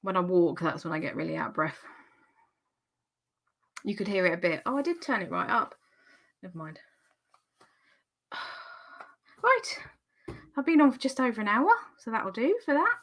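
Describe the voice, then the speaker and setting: A woman's voice: mid-range voice, big pitch swings, moderate pace, pauses often, fairly bright tone. A woman with a Geordie accent chatting casually on a live stream, slightly out of breath, laughing often and breaking off mid-sentence. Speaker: vlogger hosting a live stream.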